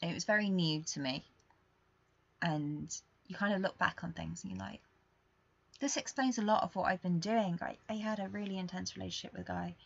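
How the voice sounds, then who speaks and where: A young woman hosting a podcast, talking candidly in a rambling, confessional way that swings between quiet and emphatic. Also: on the low side, gravelly, no echo, highs cut off. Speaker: podcast host. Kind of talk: casual confessional monologue.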